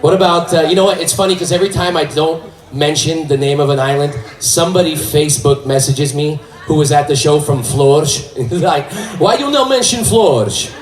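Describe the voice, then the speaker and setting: A man from California doing stand-up on a hall stage, loudly working the crowd and shouting punchlines. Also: on the high side, fairly even intonation, normal speed, hardly any pauses. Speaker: stand-up comedian. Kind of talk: stand-up comedy. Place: stage in a hall, live audience. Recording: echoey hall, mic at distance, crowd noise.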